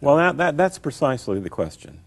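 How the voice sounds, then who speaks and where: A man's voice: medium pitch, sing-song, fairly quick, vocal fry, no echo. A middle-aged man, a scholar answering interview questions in an emphatic, lecturing way, repeating his key phrases. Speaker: guest scholar.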